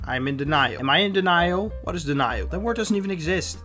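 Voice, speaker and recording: A man's voice: fairly high pitch, expressive, a little fast, sharp tone, soft background music. A young man hosting a video channel, reading online stories aloud and breaking in with sarcastic, mocking comments. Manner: sarcastic, mocking asides between read-out stories. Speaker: YouTube host.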